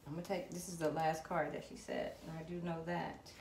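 A woman's voice: low-pitched, steady tone, fairly quick, gravelly, darkish tone. A woman giving a casual tarot reading to camera, chatting straight to her viewers and calling on spirit. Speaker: tarot reader. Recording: echoey room with background noise.

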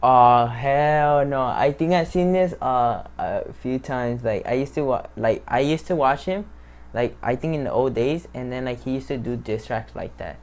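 A man hosting a reaction video, reacting casually with excitable, loud exclamations. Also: mid-range voice, normal speed.

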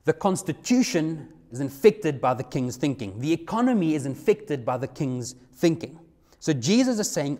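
A man preaching a sermon, emphatic, slowing down to stress key words. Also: fairly high pitch, sing-song, mellow.

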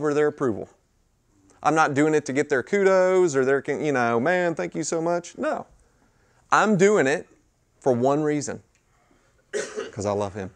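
A man preaching a sermon at a mission chapel, talking in a conversational way with sudden loud bursts and hushed asides. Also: fairly high pitch. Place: mission chapel with a live audience.

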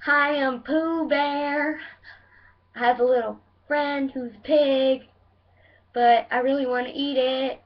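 A creepy cartoon honey bear speaks very slowly in a dreamy way, as a woman puts him on. The voice is high. The sound is dull and lo-fi. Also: steady tone. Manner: very slow, dreamy delivery.

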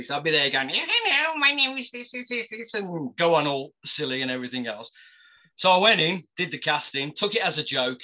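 In dull audio, a man who's an actor appearing as a guest spins casual stories in a fairly high, sharp-toned voice. He laughs frequently and keeps tripping over himself and restarting.

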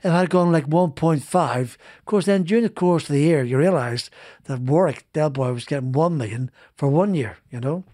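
A man's voice: a little high, moderate pace, darkish tone, dry recording, studio quality. A middle-aged man, a former racing driver, telling stories in a casual interview, rambling with many restarts and repeated words. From Northern Ireland. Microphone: studio podcast mic.

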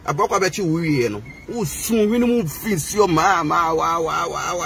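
A man's voice: fairly high pitch, expressive, moderate pace, creaky, hardly any pauses, a bit bright. A man with a Ghanaian accent delivering a heated, mocking rant to the camera, switching between languages. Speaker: social media personality.

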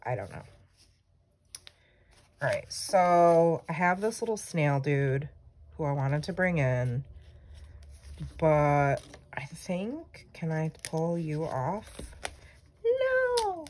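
A woman's voice: sits low, lively intonation, slow, pauses often, darkish tone. A young woman chatting casually and rambling with self-teasing asides while she decorates a planner. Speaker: planner vlogger. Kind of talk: casual chat while crafting.

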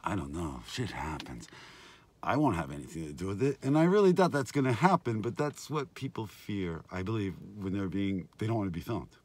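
A man rambling in a casual vlog, outdoors at a food stand, his voice swinging between loud and muttered. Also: lowish voice, animated, brisk, breathy edge. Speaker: vlogger. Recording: noisy street ambience.

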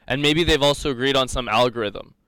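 A man's voice: medium pitch, fairly quick, sharp tone, smooth, dry recording. A young man teaching a live coding lecture, rambling and joking, laughing often. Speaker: coding instructor.

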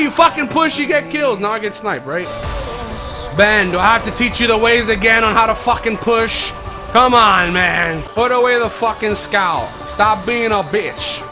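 A young man hosting gameplay videos, swearing and yelling excitedly at his teammates. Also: high voice. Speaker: gaming streamer and video host. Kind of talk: profane gameplay commentary. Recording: loud music under voice.

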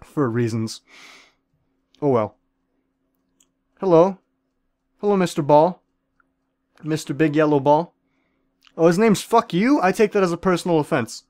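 A man with a fairly high voice rattles off excitable, profane commentary over a game. He talks straight to the other players and keeps up a goofy celebrity-chef bit. The recording is dry, with no room sound. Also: unhurried, long pauses, no room sound. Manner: jokingly plays a celebrity chef. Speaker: gaming video creator.

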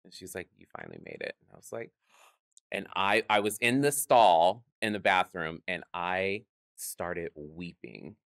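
Animated drag performer telling stories. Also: male voice, low voice, unhurried, clean tone, no room sound, clean studio sound. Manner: animated, acts out quoted voices, laughs often. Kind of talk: storytelling in a studio interview. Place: podcast studio.

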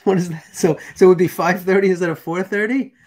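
A man's voice: high-pitched, fairly even intonation, quick pace, darkish tone. A man hosting a live stream, reading a text aloud and chatting casually with viewers. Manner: casual, chatty, asides to the chat.

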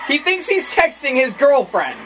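Man joking crudely, lively voice. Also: extremely high pitch, normal speed, noisy background. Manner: crude joking, laughs often, rambling absurd stories. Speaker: gamer co-host. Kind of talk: casual chat while playing a racing game. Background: game music.

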